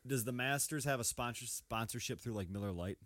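A man co-hosting a casual sports podcast, opinionated and animated, laughing mid-sentence. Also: medium pitch, brisk, no room sound, clean studio sound. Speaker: podcast co-host. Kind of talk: casual chat.

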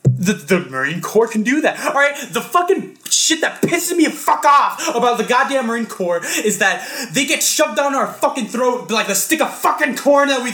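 A man's voice: very high voice, pushed and bright, reverberant. A teenage man ranting on a podcast, swearing heavily. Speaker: podcast co-host. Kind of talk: casual chat.

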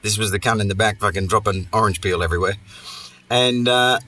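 A man's voice: fairly low pitch, fairly quick, bright, forceful tone. A man hosting a podcast, telling a story in a casual monologue full of profane, sardonic, rambling asides. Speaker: podcast host.

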